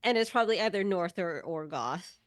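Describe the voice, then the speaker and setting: A woman's voice: lowish voice, lively intonation, fairly quick, no room sound, studio quality. A woman playing a tabletop game, casually describing her character's actions. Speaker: player.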